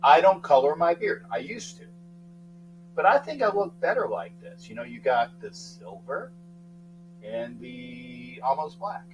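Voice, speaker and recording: Excitable man hosting a sports livestream. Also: medium pitch, measured pace, music in the background, low-quality recording. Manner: excitable, shouts out viewer names, rambling. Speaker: livestream sports talk host. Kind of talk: casual livestream chat greeting viewers.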